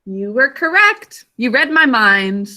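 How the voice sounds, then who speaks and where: A woman teaching a class over a video call, encouraging and sounding out words slowly. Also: a little high, very animated, bright, forceful tone.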